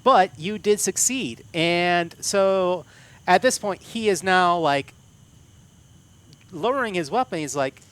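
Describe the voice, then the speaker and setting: A man's voice: sits high, animated, slow pace, a bit bright. A man running a tabletop spy game as game master, describing the scene at length with many fillers.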